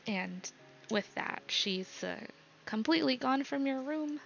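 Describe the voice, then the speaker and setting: A woman narrating as dungeon master of a live-streamed tabletop game, halting and full of ums, in a slightly dull lo-fi recording. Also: sits high, expressive, vocal fry, a bit bright. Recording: slightly dull lo-fi sound with faint noise.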